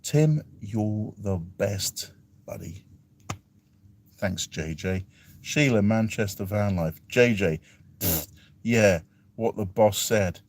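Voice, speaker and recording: A man's voice: fairly low pitch, slow pace, long pauses. A man from England, chatting casually on a live stream and reading out viewer comments with self-deprecating chuckles. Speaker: vlogger reading live chat.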